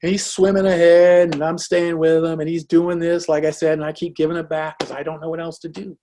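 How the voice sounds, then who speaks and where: A man giving a motivational business talk, telling a personal story with lively, acted-out asides. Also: on the high side, a little fast, a little hiss or hum. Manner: animated, acts out quoted thoughts. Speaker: business speaker.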